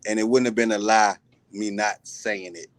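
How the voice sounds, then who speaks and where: Laid-back male guest, smooth voice, stumbles over his words. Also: lowish voice, fairly even intonation, normal speed, no echo. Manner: laid-back, stammers and restarts. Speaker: guest and musician. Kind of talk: casual live-stream chat.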